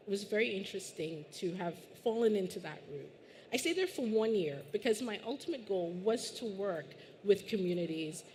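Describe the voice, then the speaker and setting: A woman's voice: mid-range voice, a little mellow, slight background noise. Earnest woman speaking on a panel. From Guyana. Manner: earnest, conversational, with restarts. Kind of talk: panel discussion. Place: conference stage.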